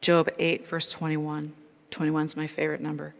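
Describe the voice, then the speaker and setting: A woman's voice: deep voice, completely flat delivery, normal speed, vocal fry, big-room sound. A middle-aged woman giving an earnest, reflective personal testimony.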